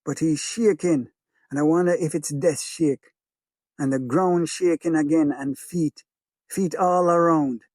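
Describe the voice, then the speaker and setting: A man with a Jamaican accent reads a first-person story in patois, in a rhythmic, hushed way. His voice is slightly high for a man, and the close studio mic leaves it dry. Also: fairly even intonation, unhurried, dry recording. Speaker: audiobook narrator. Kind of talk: first-person audiobook narration of a child's memory.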